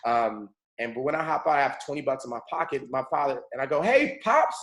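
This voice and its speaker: A man's voice: medium pitch, fast talker, a little hiss or hum. A man from California leading a morning mentorship call, telling a personal story in an earnest, motivational way and often calling his listeners folks. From Pomona, California. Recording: roomy echo.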